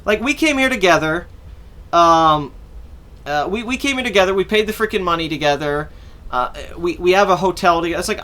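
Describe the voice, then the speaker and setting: High, bright-voiced man telling a rambling story. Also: animated, brisk. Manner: rambling, swears freely, acts out quotes. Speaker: podcast host. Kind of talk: casual storytelling.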